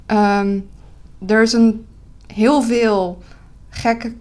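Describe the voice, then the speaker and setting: A woman's voice: mid-range voice, a little slow, a little mellow. A young Dutch woman with a Dutch accent, streaming live. She sounds tired, giggles often, and keeps correcting herself and apologizing as she chats casually. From Netherlands.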